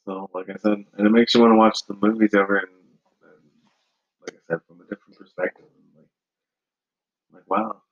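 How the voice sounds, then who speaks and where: A man's voice: on the low side, flat delivery, brisk, lo-fi sound. A man co-hosting a podcast in casual chat, laid-back and rambling with many fillers. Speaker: podcast co-host.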